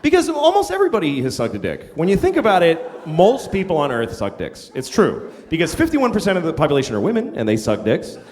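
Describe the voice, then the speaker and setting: A middle-aged man performing a stand-up comedy set on a theater stage, telling an exasperated story and acting out shouting characters. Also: a little high, huge pitch swings, quick pace, hardly any pauses. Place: large theater stage before a live audience. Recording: reverberant theater, loud crowd laughter. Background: audience laughter.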